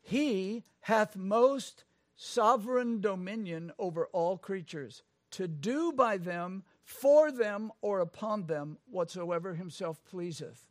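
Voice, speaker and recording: A man preaching a sermon, swinging from low conversational asides to loud, proclaimed passages. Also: expressive, slow, no room sound, clean studio sound. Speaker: pastor.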